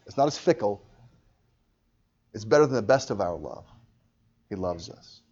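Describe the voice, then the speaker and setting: A man preaching a sermon with passion, his voice swelling loud at high points. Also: expressive, moderate pace, breathy edge, muffled recording. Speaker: pastor.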